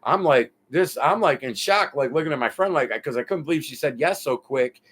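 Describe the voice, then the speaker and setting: A man from the United States, a guest in an interview, telling his story in an animated, casual way. He swears freely and keeps adding "you know what I mean" asides. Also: fairly high pitch, fairly quick, breathy edge. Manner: animated, profane, lots of filler asides.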